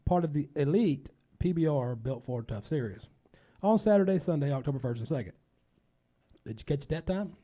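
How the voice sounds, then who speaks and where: A man's voice: on the high side, animated, a little fast, dark tone. A man hosting a casual talk show, folksy and rambling, a bit under the weather.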